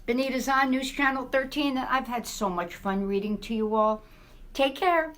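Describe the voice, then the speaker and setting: A middle-aged woman, a news anchor, reading a children's picture book aloud with animated expression. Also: high voice, normal speed, a little hiss or hum. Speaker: TV news anchor as guest reader.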